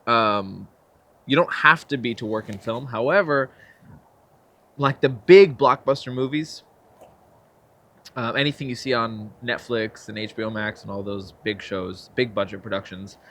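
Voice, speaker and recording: His mid-range voice runs a little slow, with a bit of hiss or hum in the background. The young man, an actor and filmmaker, is a guest in a casual interview, telling stories with gusto and acting out quotes through laughs.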